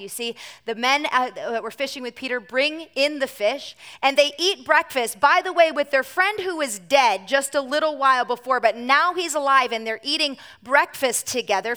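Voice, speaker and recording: A woman preacher giving a sermon to a congregation in church. She tells the story in an animated way, moving between emphatic lines and hushed ones. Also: high voice.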